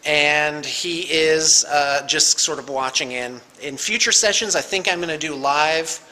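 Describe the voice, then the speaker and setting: Male game master, slightly high, bright voice, casual and chatty; reverberant room. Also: measured pace. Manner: upbeat, chatty, many fillers. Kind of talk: casual tabletop game hosting. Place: room around a gaming table.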